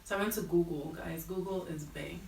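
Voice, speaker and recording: A woman's voice: on the low side, steady tone, a little fast, gravelly, a crowd in the background. A woman in her thirties with an American accent, a guest telling her career story in a casual, chatty way full of fillers. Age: 30s. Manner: chatty, many fillers like "like" and "you know". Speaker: guest fashion buyer. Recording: roomy and distant.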